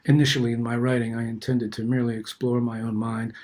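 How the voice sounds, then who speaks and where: An older man, host of the show, reading his own personal essays aloud in a reflective, unhurried way. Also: mid-range voice, little pitch movement, a little mellow.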